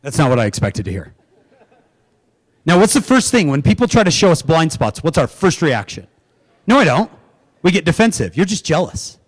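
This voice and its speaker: A middle-aged man giving a humorous keynote speech to educators, joking and quizzing the audience with quick questions. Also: on the high side, sing-song, poor audio. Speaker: keynote speaker.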